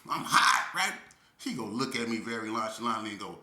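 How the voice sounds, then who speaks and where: Man storytelling casual, lively then quiet and sad, roomy echo. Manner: animated, drops low and slow when grieving. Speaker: storyteller vlogger. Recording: echoey room.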